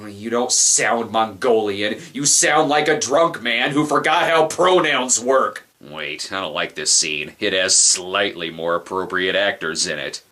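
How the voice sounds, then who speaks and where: A man's voice: lowish voice, lively intonation, unhurried, hardly any pauses, pushed and bright, faint music behind. A man hosting a comedic movie review, sarcastic and wisecracking. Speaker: film reviewer host.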